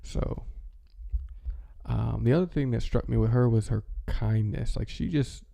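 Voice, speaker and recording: Male vlogger, casual rambling chat, very gravelly, dark and mellow. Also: mid-range voice. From American Midwest. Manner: rambling, halting, with many fillers and restarts. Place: home, with his dog nearby.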